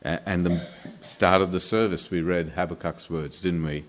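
Low-voiced man preaching. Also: steady tone, moderate pace, a little hiss or hum. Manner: earnest storytelling preacher who briefly acts out the quoted speakers. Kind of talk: sermon.

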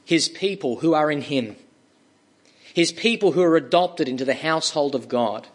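A man preaching a sermon, slow and emphatic, with dramatic pauses and repeated words for stress. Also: on the high side, expressive.

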